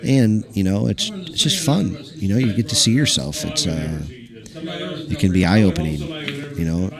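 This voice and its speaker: A man's voice: on the low side, very animated, measured pace, gravelly. A man who runs a small pool club, telling a story in loose, chatty talk full of fillers and the odd swear word. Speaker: pool hall owner and stream host. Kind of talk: casual rambling storytelling. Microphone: live stream mic. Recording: crowd noise of a pool hall. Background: chatter of pool players.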